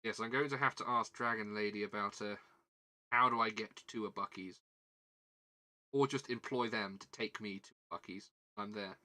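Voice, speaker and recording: A man's voice: lowish voice, fairly even intonation, moderate pace, bright, forceful tone. A man hosting a live stream, chatting casually with viewers while he builds a model kit and thinks aloud. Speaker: livestream host.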